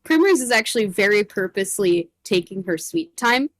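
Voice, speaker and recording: A woman playing a tabletop game, describing her character's moves in a lively, laughing way. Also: medium pitch, normal speed, dry recording. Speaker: player. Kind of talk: casual tabletop game play.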